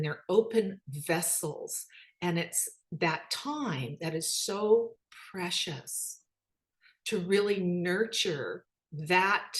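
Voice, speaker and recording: A middle-aged woman telling personal stories about her children in an animated way, voicing their dialogue. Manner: animated, acts out quoted dialogue with rising pitch. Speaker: speaker, children's book author. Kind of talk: personal storytelling talk.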